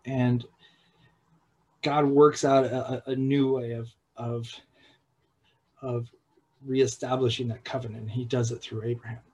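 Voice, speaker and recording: A man preaching a sermon in a halting way, with repeated words and restarts, at times dropping to a hushed, slow voice for emphasis. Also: medium pitch, flat delivery, breathy edge, rough recording. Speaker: pastor.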